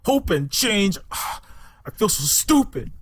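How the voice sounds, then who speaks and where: A man's voice: sits high, big pitch swings, slow, slight background noise, heavily acted. An actor playing a betrayed male detective who accuses the woman who hired him. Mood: accusing. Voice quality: indignant, accusing.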